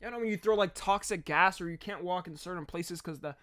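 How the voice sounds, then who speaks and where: A man's voice: high voice, a little fast, sharp tone. A man hosting a reaction video, joking loosely, swearing and talking back to the clip he watches. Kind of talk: casual reaction commentary.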